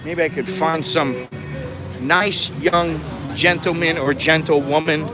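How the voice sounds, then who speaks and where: A travel vlogger from the United States walking through a city, chatting in a wry, self-mocking way with chuckling asides, sweaty from the heat. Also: male voice, a little high, fairly even intonation, slow, music in the background. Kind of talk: casual walking vlog. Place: busy city streets outdoors. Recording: outdoor street noise.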